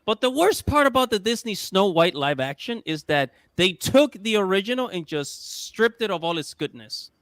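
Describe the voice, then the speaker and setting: Guy hosting a chill gaming podcast, high lively voice, real bright, dry sound. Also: no room sound. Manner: animated, halting with fillers. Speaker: podcast host. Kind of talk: casual chat.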